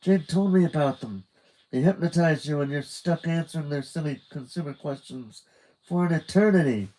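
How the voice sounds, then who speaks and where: A man's voice: a little high, normal speed, warm tone, pitched above the performer's own voice, close to an everyday voice, low-quality recording. A man voicing an emphatic, indignant young spy girl. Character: bossy spy-kid girl, quick and dramatic.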